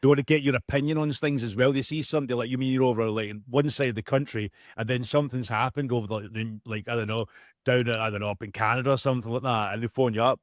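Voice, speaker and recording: A Scottish man from Glasgow hosts a relaxed podcast conversation, his voice sitting at an ordinary pitch. He jokes around, laughs easily and throws in the odd swear word. The recording is dry, with no room sound. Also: fast, no room sound. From Scotland. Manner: jokey, laughs often, swears casually. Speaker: podcast host. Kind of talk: casual interview chat.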